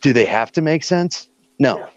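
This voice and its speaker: A man's voice: mid-range voice, animated, a little slow, no room sound. A man joking casually in an online voice chat, with many fillers. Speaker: participant on a live audio chat. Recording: dry, slightly dull audio.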